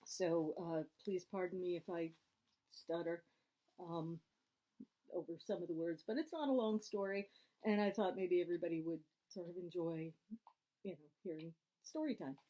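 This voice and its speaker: At home with her dogs, a Scottish woman reads an old science fiction story aloud, chatting, laughing, and tripping over some words. Her voice is on the low side and dark, with a moderate pace.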